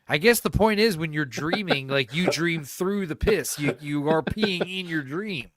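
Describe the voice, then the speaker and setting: Here a podcast co-host, a young man, chats casually through stories, rambling and swearing, often laughing and performing the quotes. He sounds a little high and expressive, moving at a moderate pace with a fairly bright tone, captured in the studio without echo.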